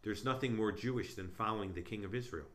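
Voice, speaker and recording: A man, a missionary, talking through scripture in a casual discussion with emphatic, animated delivery that swings between loud punchlines and quiet asides. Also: lowish voice, quick pace. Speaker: Jewish missionary.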